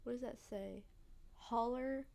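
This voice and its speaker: While playing a story game, a woman chats away bluntly as a let's play gamer, saying "like" constantly. Her voice is a little high, creaky and slightly mellow, at a moderate pace.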